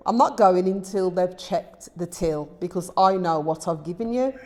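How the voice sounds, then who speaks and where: A woman with an English accent, telling a story casually on her vlog, animated and indignant as she quotes what was said. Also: on the low side, moderate pace, a little hiss or hum. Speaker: vlogger.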